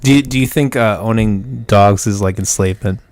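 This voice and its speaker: A man's voice: lowish voice, normal speed, darkish tone, no room sound, faint music behind. A man hosting a podcast in a laid-back, blunt and profane casual chat. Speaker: podcast host.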